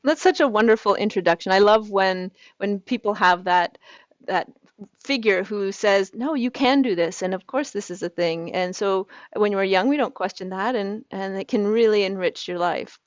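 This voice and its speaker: A woman's voice: medium pitch, moderate pace, dry recording. A woman hosting an interview show, introducing her guest and asking questions in an encouraging way. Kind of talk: hosted interview. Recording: dry, dull lo-fi sound.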